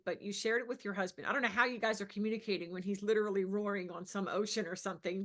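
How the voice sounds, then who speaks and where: Woman host, mid pitch, upbeat and affirming interviewer. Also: fairly bright tone. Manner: enthusiastic, affirming. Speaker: business coach, host.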